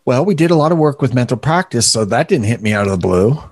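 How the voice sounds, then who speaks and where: Guy on a podcast, dry close sound, self-deprecating and lively, kinda laughs at himself. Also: medium pitch, fast talker, husky, dry recording. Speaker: podcast co-host. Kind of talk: casual podcast conversation.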